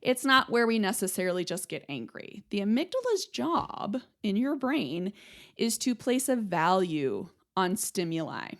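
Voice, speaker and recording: A woman's voice: medium pitch, sing-song, a little slow. A young adult woman hosting an educational podcast, chatting casually and checking in with listeners as she explains. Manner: chatty, explains with analogies, checks in with "right?" and "okay?". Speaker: podcast host, speech-language pathologist.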